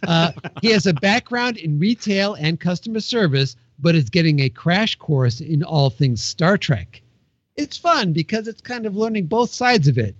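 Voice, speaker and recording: A man's voice: high-pitched, expressive, normal speed, no echo, lo-fi sound. A man co-hosting a casual podcast, reading news items and joking with the others. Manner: jokey, laughs and whoops often.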